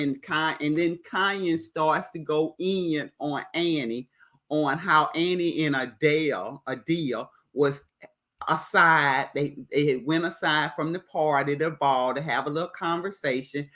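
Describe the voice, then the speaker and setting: Slow, low-voiced woman hosting a recap. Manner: chatty, animated retelling with playful quoted voices. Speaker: host. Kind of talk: casual show recap livestream.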